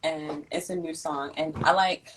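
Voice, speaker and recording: A young woman hosting a live community stream, chatting casually with slang, reading messages aloud and giving heartfelt shout outs. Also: sits low, fairly even intonation, measured pace, rough recording. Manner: warm, effusive, uses slang and swears, reads chat aloud. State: near tears at times. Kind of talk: casual livestream chat.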